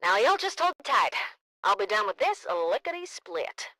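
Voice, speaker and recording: A woman's voice: mid-range voice, big pitch swings, moderate pace, no room sound. An actress voicing a seasoned female hacker with a Southern accent, talking in a drawling, folksy way. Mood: wry. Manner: drawling, folksy turns of phrase. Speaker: game character, veteran hacker. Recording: game voice line over loud music.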